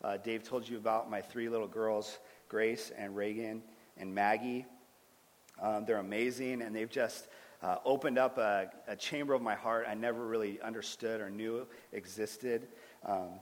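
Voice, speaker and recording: Earnest guy in his 30s preaching his testimony, gets loud then goes real quiet, long echo off a big church hall. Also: on the low side, steady tone, normal speed. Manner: earnest, swings from loud to hushed. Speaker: guest speaker sharing testimony. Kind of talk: sermon-style personal testimony.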